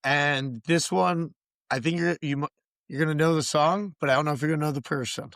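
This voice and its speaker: A man hosting a casual podcast, quizzing his co-host in a flat, monotone way. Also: fairly high pitch, a little fast, creaky, dry recording, studio quality. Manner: self-described monotone, playful quizzing. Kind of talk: casual chat.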